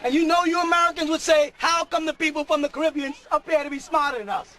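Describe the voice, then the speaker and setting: A middle-aged man preaching a sermon to a live audience, often shouting and laughing. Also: very high-pitched, steady tone, fast, poor audio.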